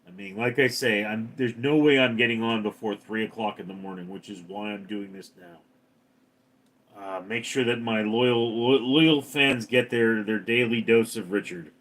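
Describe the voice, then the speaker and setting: A man's voice: fairly low pitch, normal speed. A man hosting a casual livestream, reading out commenters' names and chatting back to them. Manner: reads commenter names then answers, animated.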